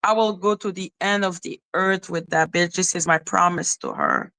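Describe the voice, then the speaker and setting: A woman's voice: fairly low pitch, fairly even intonation, normal speed, vocal fry, pushed and bright, dry recording. A woman ranting on a livestream, heated and profane, who often repeats herself. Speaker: live streamer. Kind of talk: angry livestream rant.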